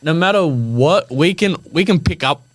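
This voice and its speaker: A man's voice: on the high side, normal speed. A young Australian man hosting a podcast, telling stories with lots of laughter and slang. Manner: laughs often, animated storytelling, slangy. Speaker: podcast host. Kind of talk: casual chat.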